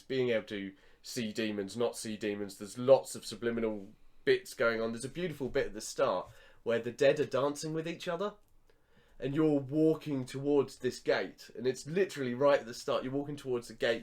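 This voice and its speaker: A man co-hosting a podcast, telling stories with lively acted-out reactions. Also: medium pitch. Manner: animated storyteller, acts out his reactions. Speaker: podcast co-host. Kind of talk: casual chat.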